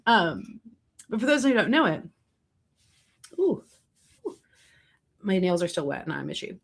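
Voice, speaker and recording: A young adult woman hosting a casual livestream, answering viewer questions with chatty, animated storytelling and asides. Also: on the low side, a little slow, gravelly, pauses often, breathy edge.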